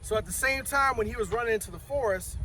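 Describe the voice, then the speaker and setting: A man's voice: very high voice, fast. A man casually telling a rambling, profane story outdoors in a forest. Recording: distant mic, loud outdoor noise.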